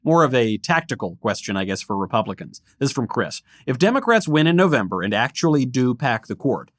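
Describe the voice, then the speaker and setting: Guy co-hosting a podcast, teasing and quick with jokes, reads listener questions, mid pitch, dry close mic. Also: very animated, no echo. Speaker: podcast co-host. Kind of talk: casual chat, interviewing.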